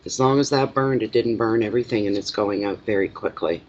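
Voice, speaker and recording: A man's voice: fairly low pitch, fairly quick. A man with a stuffy nose, rambling to himself while he gets ready for a casual card reading. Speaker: card reader. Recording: lo-fi with clear background noise.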